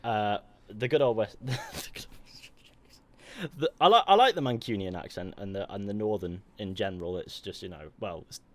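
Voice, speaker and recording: A man's voice: lowish voice, lively intonation, moderate pace. A man with a light Northampton accent tinged Northern and West Country, co-hosting a podcast in sweary, laughing banter. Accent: light Northampton mixed with Northern and West Country. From England. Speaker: podcast co-host. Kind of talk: casual chat.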